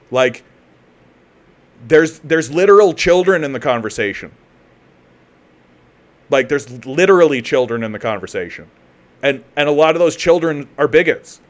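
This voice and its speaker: Man, from Canada, livestream commentary host, profane heated ranting, repeated restarts, mid-pitched voice. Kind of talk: livestream commentary, reading chat.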